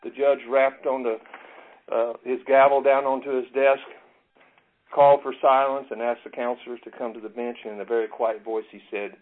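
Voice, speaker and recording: A man leading a Bible study in a relaxed, self-deprecating way, reading scripture aloud and drawing out key words. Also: medium pitch, normal speed. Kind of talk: casual teaching with scripture reading. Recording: tinny phone-like audio.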